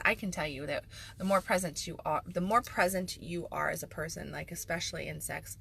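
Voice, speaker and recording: A woman's voice: low voice, vocal fry, fairly bright tone, slight background noise. A woman life coach talking frankly and emphatically in a casual video monologue, with sarcastic asides.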